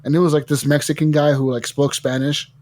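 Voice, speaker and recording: A man hosting a casual gaming podcast, telling stories in an animated way and swearing a lot. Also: a little high, fairly quick. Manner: animated storytelling, heavy swearing. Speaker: podcast host.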